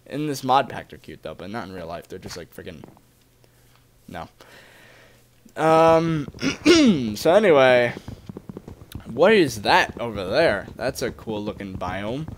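A man's voice: medium pitch, slow, pauses often. A young man giving casual, chatty commentary as he plays a video game, talking to his viewers. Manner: chatty, excitable, talks to viewers. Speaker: Let's Play gamer.

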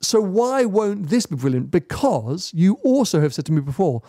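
Animated man on a car podcast. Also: high voice, normal speed, few pauses, no room sound, clean studio sound. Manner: animated, laughing, enthusiastic. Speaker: podcast co-host. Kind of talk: casual chat.

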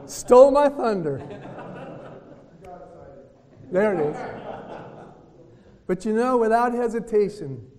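A man giving a retreat talk in a preaching style, telling lively stories and acting out what other people said. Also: sits high, unhurried. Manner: lively storytelling that acts out other people's words. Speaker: retreat speaker. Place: hotel conference room. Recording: long reverb of a hotel meeting hall.

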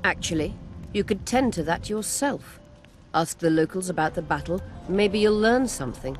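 An actor playing a learned male healer mage who talks in a formal, measured, explanatory way in a fantasy video game. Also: high voice, animated, soft background music.

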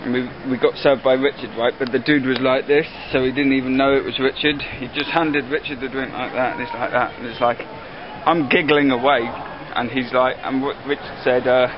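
A man's voice: medium pitch, steady tone, a little fast. Playful young man vlogging outdoors. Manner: playful, jokey, laughs a lot. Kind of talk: casual handheld vlog banter. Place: outdoors in a park. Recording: dull lo-fi camcorder audio, loud hiss.

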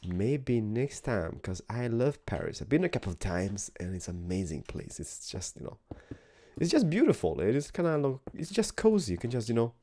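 A man's voice: mid-range voice, sing-song, brisk, warm tone. A young man giving rambling, casual gameplay commentary in a tired morning voice, repeating words and sometimes dropping to a whisper. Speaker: gaming video host.

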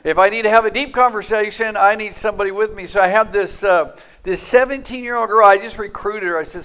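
A male pastor telling a story in a sermon, lively in the telling and sinking to a soft, hushed tone when he prays. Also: sits high, a little fast. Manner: animated storytelling that drops to soft, hushed prayer.

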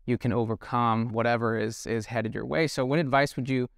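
A moderator puts questions to the panel and cheers on the answers. The voice sits mid-range and sounds smooth and clear, recorded dry. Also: mid-range voice, steady tone, a little fast, no room sound. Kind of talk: hosting a panel.

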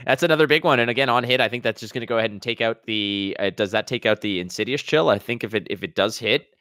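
A man from Quebec in his thirties doing playful, excitable play-by-play of a card game. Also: on the low side, fast talker, dry recording, clean studio sound. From Quebec, Canada. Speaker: commentator.

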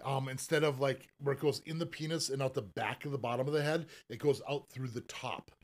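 A man's voice: medium pitch, steady tone, fairly quick. Easygoing man rambling on a podcast. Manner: easygoing, rambling with fillers and restarts. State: has the hiccups. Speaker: podcast host, piercer. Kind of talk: casual podcast chat.

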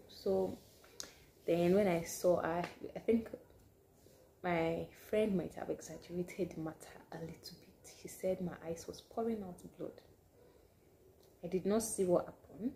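A woman telling a personal story to camera in a casual vlog, animated and sometimes dropping to hushed asides. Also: fairly low pitch, normal speed, a little hiss or hum. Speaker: vlogger.

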